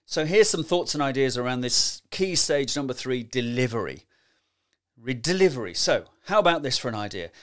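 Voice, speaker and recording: A middle-aged man gives lively, emphatic podcast advice on presenting, often tagging his points with rhetorical questions. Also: medium pitch, a little fast, few pauses, smooth. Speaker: presentation skills coach. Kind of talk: solo podcast advice talk.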